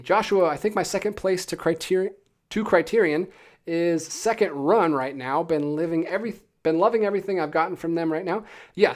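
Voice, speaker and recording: Een enthousiaste, praatgrage livestreampresentator die losjes kletst, met veel stopwoordjes, op een middelhoge toon. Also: mid-range voice. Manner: enthusiastic and chatty, with frequent fillers. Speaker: live-stream host reading viewer chat. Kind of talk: casual live-stream chat about film releases.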